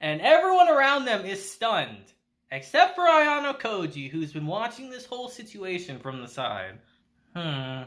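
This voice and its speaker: A man casually recapping an anime episode, chatty and animated, laughing often. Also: high-pitched, measured pace. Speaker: anime reviewer.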